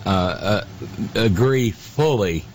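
A man hosting a talk radio show, giving political commentary in a halting, sarcastic way full of fillers. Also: lowish voice, expressive, slight background noise.

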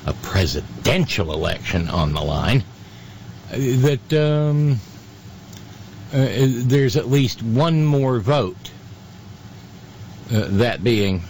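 A man hosting a talk radio show, giving political commentary in a halting, sarcastic way full of fillers. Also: fairly low pitch, animated, darkish tone, slight background noise.

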